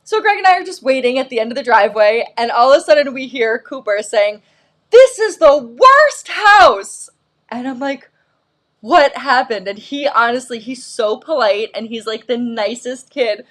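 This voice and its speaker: A woman's voice: a little high, normal speed. Chatty woman hosting a live stream. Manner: animated storyteller, acts out quotes, lots of "like" and "um". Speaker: host of a live shopping show.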